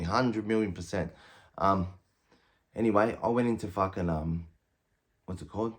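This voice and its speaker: A man's voice: fairly low pitch, moderate pace. A man in his thirties with an Australian accent, telling a prison story bluntly, swearing constantly and acting out what people said. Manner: blunt, heavy swearing, quotes himself and others in raised voices. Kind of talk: casual storytelling.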